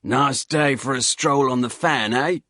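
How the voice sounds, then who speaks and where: A man voicing a huge, falsely friendly male hiker with a gravelly Cockney accent, in an audiobook. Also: mid-range voice, measured pace, bright, forceful tone, dry recording, studio quality, pitched above the performer's own voice. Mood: chummy. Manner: breezy, chummy, needling.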